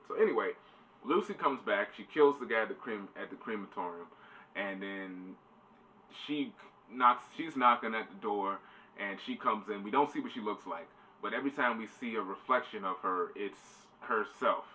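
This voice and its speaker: A man's voice: lowish voice, sharp tone. A man giving a casual, rambling spoiler review, swearing loosely. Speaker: show reviewer. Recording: distant mic, faint background noise.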